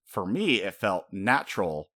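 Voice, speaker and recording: A podcast host with a fairly low voice reviews an anime film in a loose, casual way. He speaks unhurriedly but animatedly, rambling along with plenty of "like" fillers.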